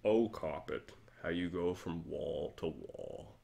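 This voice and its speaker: A man imitating a solemn older movie narrator who drones slowly and reverently. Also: low-pitched, gravelly, warm tone, voice pushed down, heavily acted. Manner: slow, droning, reverent.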